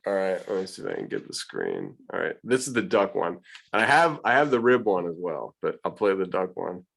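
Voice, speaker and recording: A man's voice: sits low, very animated, a little fast, gravelly, a bit bright. A man, an art teacher, chatting casually with his class, hesitant, with many restarts.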